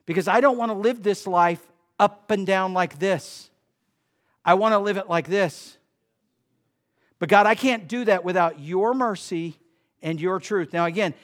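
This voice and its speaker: A man preaching a sermon in church, swinging between loud emphasis and quiet asides. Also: high voice. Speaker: pastor. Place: church sanctuary.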